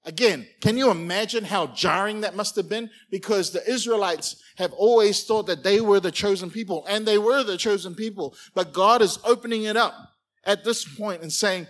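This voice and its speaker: A man preaching a sermon, animated and playful, acting out little characters as he goes. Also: sits high, normal speed. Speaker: pastor.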